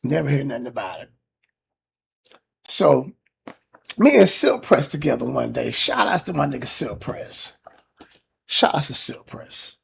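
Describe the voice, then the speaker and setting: A man hosting a podcast, telling a neighbor story in a casual, animated, profane rant. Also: mid-range voice, measured pace, long pauses, slight background noise. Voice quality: gravelly, husky. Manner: animated, acts out quotes, profane. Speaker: podcast host.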